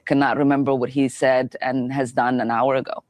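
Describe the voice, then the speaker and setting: Low-voiced woman, dry measured jab. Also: flat delivery, a little mellow, dry recording.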